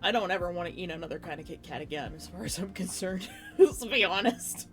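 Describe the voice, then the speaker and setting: Brief: young woman streamer, low-pitched, rambling casual chat, faint music underneath. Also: fast, fairly bright tone. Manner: chatty, rambling, frequent laughs and restarts.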